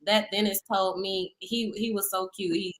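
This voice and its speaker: Co-hosting a laid-back podcast chat, a woman in her 30s speaks at normal speed in a mid-range voice. Her storytelling is lively, full of laughter and quotes she acts out.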